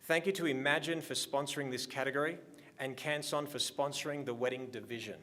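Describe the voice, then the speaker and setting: A man hosts a live judging broadcast in a steady, mid-range voice. He moves briskly from one announcement to the next with upbeat, measured calm. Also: mid-range voice. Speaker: awards livestream host.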